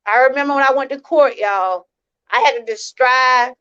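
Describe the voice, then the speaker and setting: A woman's voice: fairly high pitch, moderate pace, a bit bright, smooth, dull audio. A woman from Georgia, hosting a live-stream testimony talk, earnest and repeating herself as she speaks straight to her viewers. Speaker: channel host.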